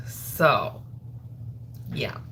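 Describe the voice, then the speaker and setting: A woman from Atlantic Canada, her nose stuffed up, hosts a crochet livestream and chats casually while she works, rambling with frequent ums and trailing sos. She speaks extremely slowly in a fairly bright tone, with a little hiss or hum.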